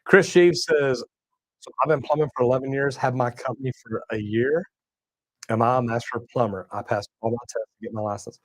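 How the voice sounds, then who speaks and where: A man's voice: mid-range voice, fairly even intonation, a little fast, no room sound, low-quality recording. Folksy man hosting a livestream. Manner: folksy, drawling, says y'all and man. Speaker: plumbing channel host reading live chat. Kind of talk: casual livestream chat.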